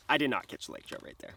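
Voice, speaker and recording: A man's voice: bright, forceful tone, a little hiss or hum. A young man vlogging from a frozen lake. He talks casually, swears and exclaims, and talks to the fish and to himself. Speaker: outdoor vlogger. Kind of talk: casual vlog narration.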